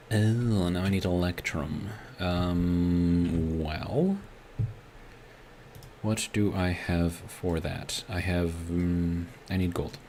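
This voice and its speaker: Low-voiced man streaming a game. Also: darkish tone, a little hiss or hum. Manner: rambling, thinks aloud, reads chat messages. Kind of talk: live gameplay commentary.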